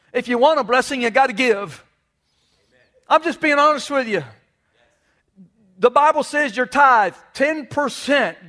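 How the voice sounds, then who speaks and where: A man's voice: extremely high pitch, pushed and bright. A man preaching a sermon, fervent, with call-and-response asides to the congregation. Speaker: pastor.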